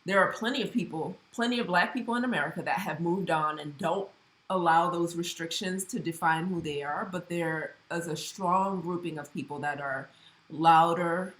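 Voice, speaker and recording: Low voiced woman co-host thinking things through, kinda echoey room. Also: fairly bright tone. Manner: thoughtful, measured, reflective. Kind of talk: casual podcast conversation.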